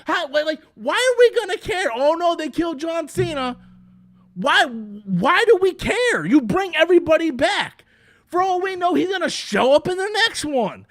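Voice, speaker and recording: A man's voice: very high voice, very animated, moderate pace, fairly bright tone, no echo. A man ranting through a movie review, exasperated, sarcastic and profane.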